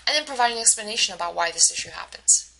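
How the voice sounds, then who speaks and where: A woman's voice: medium pitch, animated, racing, creaky, bright, forceful tone, poor audio. A woman instructor giving a recorded lecture, explaining step by step with frequent fillers and self-corrections. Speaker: university instructor.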